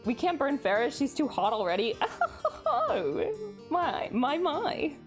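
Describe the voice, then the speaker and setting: Bubbly high-voiced woman streamer. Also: big pitch swings, slow, faint music behind. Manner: bubbly, giggly, reads chat and greets viewers. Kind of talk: casual live stream chat.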